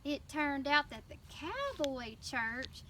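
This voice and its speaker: A woman with a Southern US accent telling a children's story in church, animated and prompting the kids to answer. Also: high-pitched, takes it slowly. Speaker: children's mission teacher. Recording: distant mic with faint noise.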